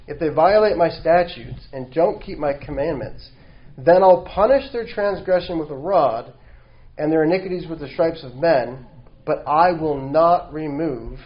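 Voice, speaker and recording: A man preaching a sermon, reading scripture slowly and forcefully and then explaining it in a conversational way. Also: a little high. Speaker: pastor. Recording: dull, lo-fi sound.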